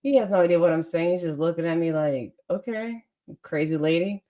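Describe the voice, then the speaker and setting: A young adult woman hosting a casual chat, telling a story in a lively way, laughing often and acting out what people said. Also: low voice, quick pace. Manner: animated, laughs often, acts out quotes. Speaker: podcast host.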